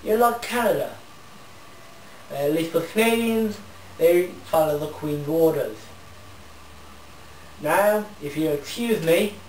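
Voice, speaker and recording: A man's voice: fairly high pitch, takes it slowly, long pauses, darkish tone, reverberant, distant mic, slight background noise, low-quality recording. A man hosting a comedic parody, ranting in a blustery, mock-indignant way and sometimes slipping into fake foreign gibberish. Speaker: parody show host.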